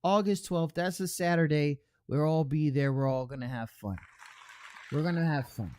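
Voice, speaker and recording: A man hosting an online radio stream in casual chat, rambling along and reading out chat messages with shout-outs. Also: on the high side, normal speed, no room sound.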